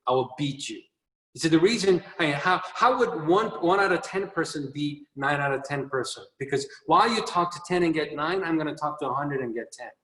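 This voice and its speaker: A company chairman in a training room gives his team a motivational talk over a video call, earnest, repetitive and quick to laugh at his own jokes. His voice is a little high for a man and a bit bright. Recorded from a distance, it sounds roomy with a long reverb tail, as if he sits back from the mic.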